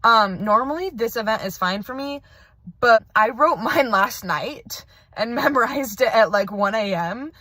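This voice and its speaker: A teenage girl with a fairly high, expressive, bright and pushed voice speaks a little slowly, with no room sound. She's recording a casual, rambling video message for her pen pal from her parked car, saying "like" constantly.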